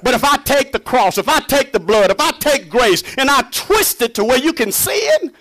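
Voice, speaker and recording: A man preaching a fervent sermon, swinging between booming shouts and low, hushed passages. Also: big pitch swings, moderate pace.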